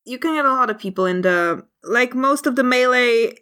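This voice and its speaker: A woman's voice: a little high, lively intonation, normal speed, sharp tone, smooth. Woman game master, hesitant narration. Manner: hesitant, many fillers and restarts while narrating. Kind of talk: running a tabletop game.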